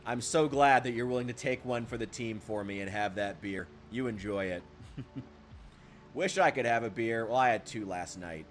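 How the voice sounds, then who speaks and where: A man's voice: medium pitch, normal speed, faint music behind. Profane ranting male game streamer. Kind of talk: casual live-stream talk, reacting to chat.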